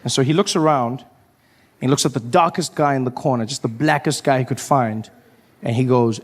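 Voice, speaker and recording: A man performing stand-up comedy, telling stories with animated impressions. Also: mid-range voice, a little fast. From South Africa.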